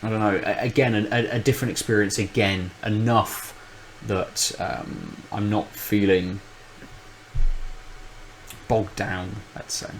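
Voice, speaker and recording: Podcast co-host: man, lowish voice, halting and rambling, always restarting his sentences. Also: gravelly, slight background noise, low-quality recording. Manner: rambling, thinks aloud with many restarts. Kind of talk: casual chat.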